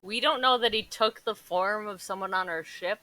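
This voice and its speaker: A woman playing a tabletop game in casual chat, talking quickly and emphatically with casual swearing. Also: medium pitch, sharp tone, poor audio. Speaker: player.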